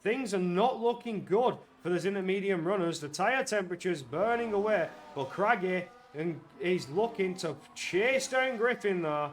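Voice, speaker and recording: A man giving live commentary on an online racing league, getting excitable and loud when the action heats up. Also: sits high, normal speed, hardly any pauses. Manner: excitable, rises to shouts at action.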